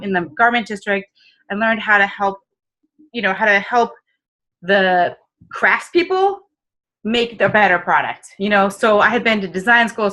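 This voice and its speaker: A woman from the American Midwest with a Midwestern accent appears as a business consultant guest in an interview, telling candid, self-mocking stories. Chatty and full of fillers and quoted asides, she has a mid-range, sharp-toned voice, and the audio is poor.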